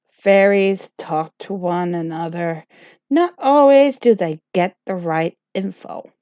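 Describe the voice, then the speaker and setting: A woman's voice: medium pitch, clean tone, no echo. A woman telling a comic first-person story in a rambling, self-deprecating, playful way. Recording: dull lo-fi dry recording.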